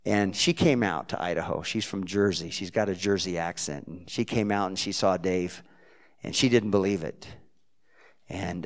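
A man from Texas, a pastor preaching a sermon, telling a story in a heartfelt way that swings from quiet to loud. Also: low-pitched.

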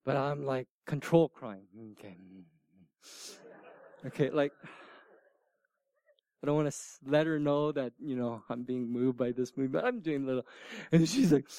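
Brief: middle-aged man, pastor giving a sermon, high voice, swings from emphatic to hushed, dry close mic. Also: moderate pace, long pauses, no room sound. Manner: animated, emphatic preaching that drops to hushed, near-whispered moments.

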